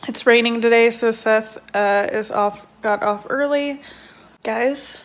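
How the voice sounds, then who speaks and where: Young mom rambling to the camera at home, kinda high voice, lots of um and like. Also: female voice, takes it slowly. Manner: chatty, rambling, many fillers. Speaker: vlogger, stay-at-home mom. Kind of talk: casual day-in-the-life vlog.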